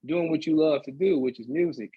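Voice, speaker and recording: Husky guy singer on a podcast, chill and easygoing, dull muffled mic. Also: a little high, a little fast, dry recording. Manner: laid-back, laughs easily. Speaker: guest singer. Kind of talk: casual podcast interview.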